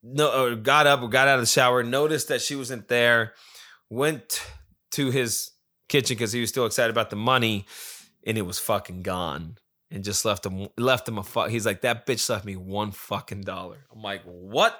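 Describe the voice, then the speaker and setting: A man's voice: on the low side, normal speed, bright, forceful tone. A man casually retelling a friend's story, swearing freely, losing his place and correcting himself as he goes. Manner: profane, rambling, acts out quoted friend; loses track and corrects himself.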